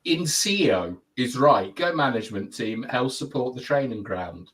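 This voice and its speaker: A man with a medium-pitched voice hosts a live football chat show, reading viewer comments aloud in a casual live-stream chat. He's lively and talkative and laughs a lot, though the audio quality is poor.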